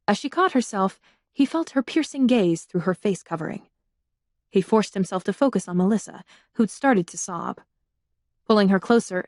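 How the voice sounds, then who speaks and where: A woman narrates an audiobook in a steady, measured reading voice, pitched in the middle range. She is close to the mic, and the recording is dry with no room sound. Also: no room sound. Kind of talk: scripted narration.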